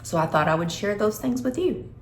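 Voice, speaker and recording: A woman's voice: mid-range voice, animated, fairly quick, a little hiss or hum. A middle-aged woman, chatting casually to camera in her kitchen as a homey vlogger. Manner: chatty, homey, talks while snacking. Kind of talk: casual vlog chat. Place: home kitchen, indoors. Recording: echoey room.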